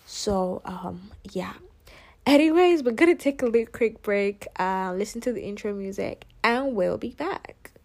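Young woman podcaster, sarcastic and giddy, takes her time, gravelly fry in the voice. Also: medium pitch, unhurried, hardly any pauses, a little mellow. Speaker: podcast host. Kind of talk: casual solo podcast chat.

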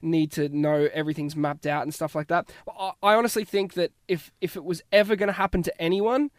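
A man's voice: on the high side, fairly even intonation, brisk, dry recording, clean studio sound. A young Australian man chatting casually as a guest, easygoing and rambling, often trailing off into a mumble. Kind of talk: casual chat.

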